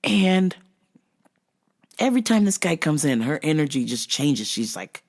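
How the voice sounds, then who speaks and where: A woman's voice: low voice, a little slow. A woman hosting a casual vlog, telling a work story with frequent laughter and quoted voices. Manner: laughs often, animated, quotes others in voices. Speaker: host.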